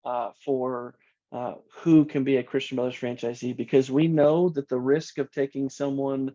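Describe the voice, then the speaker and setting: A man answering interview questions as a company executive, earnest and measured, often repeating his first words. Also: mid-range voice, level tone, warm tone. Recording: dull lo-fi audio.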